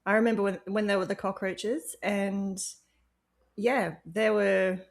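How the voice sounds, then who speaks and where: A woman's voice: mid-range voice, steady tone, measured pace, gravelly. A woman from Australia chats as a podcast guest, giggly and rambling. Her voice sits mid-range. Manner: chatty, giggly, loose rambling. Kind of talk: casual podcast chat.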